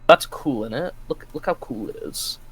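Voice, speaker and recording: A man chatting casually with friends during an online game, excitable, swearing and restarting his sentences. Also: medium pitch, moderate pace, slight background noise. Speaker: gamer in voice chat. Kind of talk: casual group chat.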